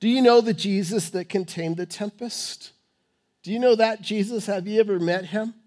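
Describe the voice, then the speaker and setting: A man preaching a sermon, emphatic, swinging between loud urging and hushed, quiet tones. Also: high voice, moderate pace.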